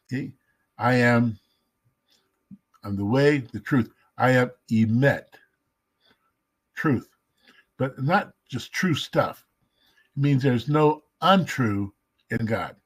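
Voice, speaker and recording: A man giving a casual devotional teaching, emphatic, slowing down to stress key words and sometimes dropping to a whisper. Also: medium pitch, slightly rough. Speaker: messianic Jewish teacher.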